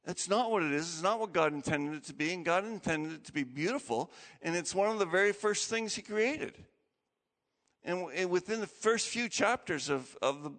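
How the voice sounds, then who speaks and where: A man's voice: sits high, big-room sound. A male pastor giving an emphatic, conversational sermon to his congregation. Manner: animated, emphatic, conversational preaching with self-corrections. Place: church sanctuary.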